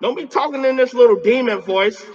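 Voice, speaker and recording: A man's voice: very high voice, a little fast, darkish tone, a little hiss or hum. A man on a live stream cursing and taunting at a spirit, confrontational and profane, often repeating words as he gets worked up, heard through a phone mic. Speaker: livestreamer addressing a spirit. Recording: dull lo-fi stream audio.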